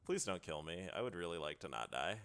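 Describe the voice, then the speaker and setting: A man's voice: low-pitched, big pitch swings, quick pace, fairly bright tone. A man giving live gameplay commentary as a streamer, trash-talking opponents and swearing, with sudden yelps and laughter.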